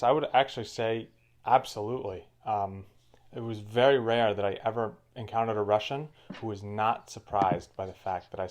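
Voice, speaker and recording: A man co-hosting a casual chat, giving his views in a steady, explanatory way. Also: lowish voice. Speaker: co-host.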